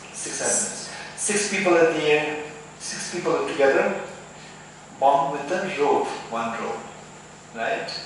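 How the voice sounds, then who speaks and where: A man's voice: a little high, distant mic. A male Buddhist teacher explaining philosophy at a retreat, checking in often with "right?" and restarting his phrases. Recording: echoey hall recording from afar, some hiss.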